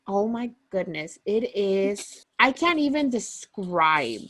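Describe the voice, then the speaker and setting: A woman at a middle pitch gushes about books in a casual podcast chat. She talks with open emotion and tells her stories with animation. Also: slow. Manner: gushing, emotional, animated storytelling. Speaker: podcast co-host.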